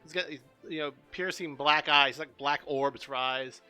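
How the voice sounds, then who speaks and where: A man's voice: fairly high pitch, steady tone, moderate pace, bright, forceful tone, clear, resonant tone, soft background music. A man narrating as game master of a tabletop game, hesitant and full of fillers.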